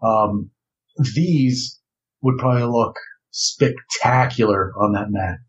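A man's voice: lowish voice, takes it slowly. A man co-hosting a podcast, talking casually with lots of fillers and wry jokes. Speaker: podcast co-host. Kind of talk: casual hobby chat. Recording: slightly dull lo-fi mic.

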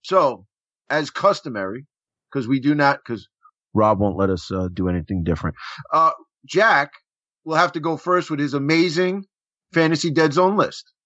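A man hosting a casual show as "coach", loud and joking with his co-hosts. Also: a little high, lively intonation, moderate pace, no echo. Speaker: podcast host calling himself coach. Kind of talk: casual banter. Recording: dull, dry lo-fi recording.

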